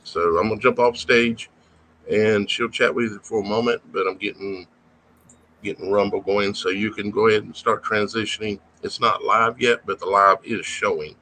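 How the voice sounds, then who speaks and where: A man with a low, deep voice and a bright, forceful edge gives brisk instructions to viewers as a podcast host. Faint noise sits behind him. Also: steady tone, low-quality recording. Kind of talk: casual show logistics.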